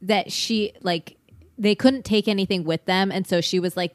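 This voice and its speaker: A woman's voice: mid-range voice, normal speed, dry recording. A woman co-hosting a casual podcast, thoughtful and referencing her notes. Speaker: podcast co-host. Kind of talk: casual recap chat.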